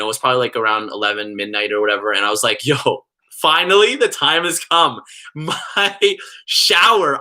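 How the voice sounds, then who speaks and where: A young man tells a long story on his livestream in a loose, rambling way, his speech full of "like" and "you know". His voice is very bright and forward. His pitch sits in an ordinary middle range for a man. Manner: rambling, heavy use of "like". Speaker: vlogger.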